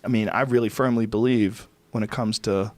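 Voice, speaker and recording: A middle-aged man, a podcast host, telling casual stories in a relaxed, swearing conversational manner. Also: lowish voice, a little fast, no room sound. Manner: casual storytelling, heavy swearing.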